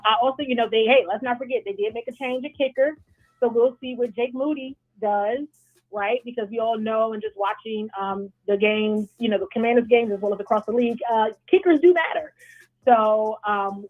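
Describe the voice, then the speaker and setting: A woman's voice: a little high, moderate pace. A woman sports reporter talking as a guest on a radio show, chatty and full of fillers. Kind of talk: casual radio interview. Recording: dull, lo-fi remote line.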